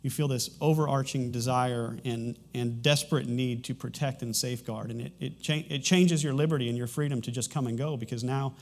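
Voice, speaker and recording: A man's voice: medium pitch, steady tone, brisk, hardly any pauses. A man in his thirties preaching a sermon as a pastor, talking conversationally with frequent restarts and a light humorous touch.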